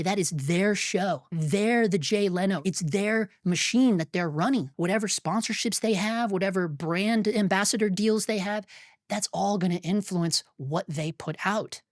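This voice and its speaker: A man's voice: sits high, no echo, clean studio sound. A man, a filmmaker and YouTuber, giving blunt, rambling opinion commentary with frequent swearing and restarts.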